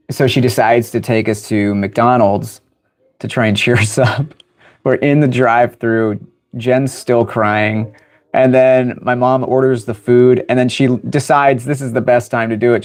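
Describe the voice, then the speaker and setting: A man's voice: medium pitch, a little mellow. A young man from the United States hosting a livestream, telling stories casually, rambling with many fillers and laughing often. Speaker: livestream host.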